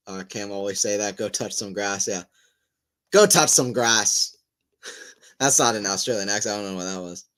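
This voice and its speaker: Chatty man calling tennis live. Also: fairly low pitch. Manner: chatty, rambling asides between excited point calls. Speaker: livestream tennis commentator. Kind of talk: casual live play-by-play commentary.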